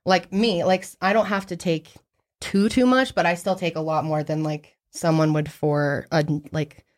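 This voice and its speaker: A woman's voice: on the low side, steady tone, normal speed. A woman co-hosting a podcast, chatting casually and saying "like" a lot. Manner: casual, heavy use of "like". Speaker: podcast co-host.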